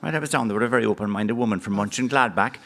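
A man's voice: on the low side, very fast, gravelly, fairly bright tone, a little hiss or hum. A man playing a pompous, condescending wealthy man in a live comedy bit on a handheld mic. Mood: smug. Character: pompous snobbish wealthy man lecturing locals. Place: live outdoor broadcast before an audience. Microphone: handheld microphone.

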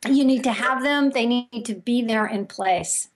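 A woman, a media expert, telling stories in an interview with lively energy. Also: fairly high pitch, a little slow. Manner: animated storyteller, energetic. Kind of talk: interview conversation.

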